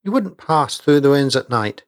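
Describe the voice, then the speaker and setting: A man's voice: mid-range voice, animated, moderate pace, no echo, studio quality, voice pushed up, natural voice. A man voicing a sly traveling stranger who questions the villagers with sneering skepticism. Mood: skeptical.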